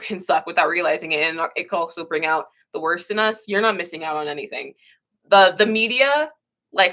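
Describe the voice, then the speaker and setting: A woman's voice: medium pitch, sharp tone. A young woman in her twenties chatting casually on a livestream, reading viewer comments, blunt and swearing freely, often restarting her sentences.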